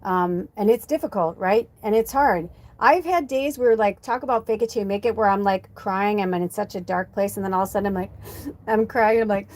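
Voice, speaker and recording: Woman, spiritual medium, chatty live-stream reader with a gentle coaching tone. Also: mid-range voice, brisk. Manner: chatty, animated, sprinkles in "like" and "you know"; soothing, encouraging affirmations.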